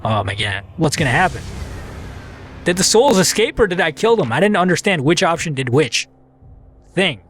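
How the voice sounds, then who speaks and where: A man's voice: on the high side, sing-song, normal speed, pauses often, fairly bright tone, husky, soft background music. A man hosting a let's play, chatting casually and playfully while he reads the game aloud. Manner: chatty, playful, self-mocking.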